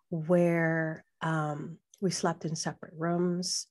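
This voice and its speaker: A middle-aged woman from Hawaii, a podcast guest, telling a personal story in an animated way, acting out the voices she quotes, with frequent fillers. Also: on the low side, takes it slowly, few pauses.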